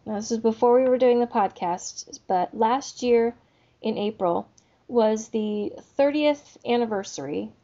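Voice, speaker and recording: A woman co-hosts a book podcast, chatting casually and easygoing, laughing along often. Her voice is fairly high and mellow, with lo-fi sound.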